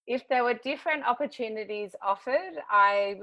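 A woman's voice: a little high, normal speed, bright, forceful tone, no echo. A woman with an Australian accent, a hair colorist chatting as a guest on a podcast in an upbeat, talkative way. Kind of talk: casual podcast interview.

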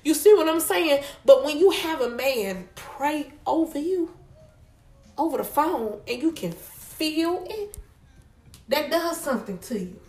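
A woman with a Detroit accent chatting on a podcast, her high voice bouncing around an echoey room. She talks in a playful, slangy, expressive way and keeps checking in with her listeners. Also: measured pace. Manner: expressive, playful, slangy, often asks "you know what I'm saying?". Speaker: podcast co-host. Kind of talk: casual podcast chat.

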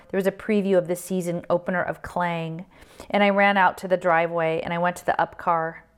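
Low, flat-voiced woman reading a novel. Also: clear, resonant tone. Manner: steady, subdued first-person narration. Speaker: reader. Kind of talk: novel read aloud.

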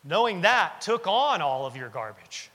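A man's voice: high-pitched, very animated, measured pace, bright, forceful tone, husky. A man in his thirties preaching a sermon as pastor, earnest and emphatic, with lots of repetition. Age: 30s. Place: church sanctuary. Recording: long reverb of a church hall.

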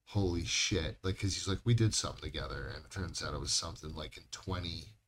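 This podcast co-host has a rumbling low, slightly bright male voice and talks fast in casual chat. He tells rambling, profane stories and swears a lot, with a little hiss or hum audible in the recording.

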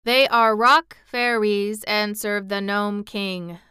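A woman voicing a calm, formal clockwork machine man who speaks slowly and precisely. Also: mid-range voice, clean tone, no room sound, clean studio sound. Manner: slow, deliberate, precise.

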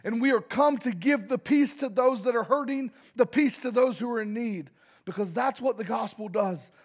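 High-voiced man preaching with passion. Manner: impassioned preaching with sharp swings in loudness; addresses the congregation directly. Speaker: pastor. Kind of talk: sermon.

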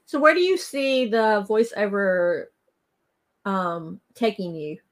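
Brisk woman hosting a podcast. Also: medium pitch, big pitch swings. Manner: brisk, eager questions. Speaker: podcast host. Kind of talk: interviewing a guest.

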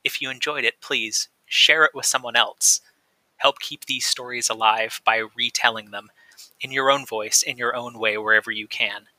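A man hosting a storytelling show, reading a folk tale aloud and chatting with listeners in a measured, dramatic way. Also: mid-range voice, steady tone, bright, forceful tone, no room sound, poor audio. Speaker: storytelling podcast host.

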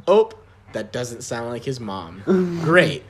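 A man's voice: medium pitch, big pitch swings, slow pace, a bit bright. A young man in casual chat, telling a profane, ranting story and laughing often.

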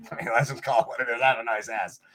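A man's voice: medium pitch, steady tone, fast, a bit bright. A man co-hosting a casual podcast who jokes crudely and laughs often. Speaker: podcast co-host. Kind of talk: casual chat.

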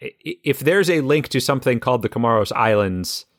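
A man's voice: mid-range voice, lively intonation, fairly quick, no echo. Dry-sounding, playfully confident male co-host. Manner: playfully confident, mock-authoritative. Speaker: podcast co-host. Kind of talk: casual banter.

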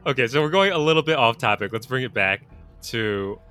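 Young man, podcast co-host, casual, thoughtful, sharp bright voice, faint background music. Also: mid-range voice, animated, fairly quick. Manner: thoughtful, poses hypotheticals. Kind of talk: casual chat.

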